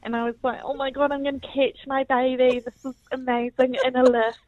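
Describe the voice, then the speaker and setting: A woman's voice: sits high, brisk, no room sound, lo-fi sound. A young woman with a New Zealand accent, a radio guest telling a comic parenting story with lots of laughter. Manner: giggly, animated, laughs through lines.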